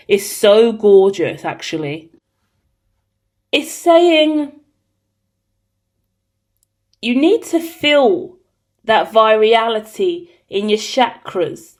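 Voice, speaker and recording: A woman giving a collective tarot reading, talking in an excitable, rambling, cheeky way. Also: mid-range voice. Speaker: tarot reader.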